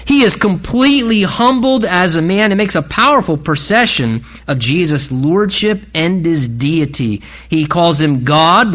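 A man's voice: on the high side, a bit bright, lo-fi sound. A man pastor giving an earnest, impassioned sermon in church, pleading with his listeners.

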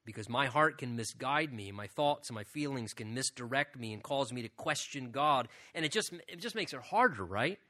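A man's voice: medium pitch, lively intonation, moderate pace, hardly any pauses, bright, forceful tone. A man preaching a sermon as a pastor, speaking earnestly and often repeating "again" and asking "right?".

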